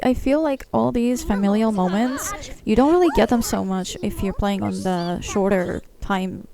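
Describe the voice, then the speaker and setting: A young woman hosting a life-sim let's-play, chatting in an excitable, gushing way. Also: a little high, creaky. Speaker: gaming channel host.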